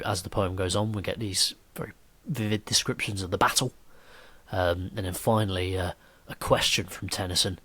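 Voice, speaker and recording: A fairly low-voiced man gives a poetry lesson. He reads verse aloud at a slow, measured pace, then talks it through in plain teaching speech. The sound is dry and close, with no room echo. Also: a bit bright. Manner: recites verse slowly, then explains with fillers.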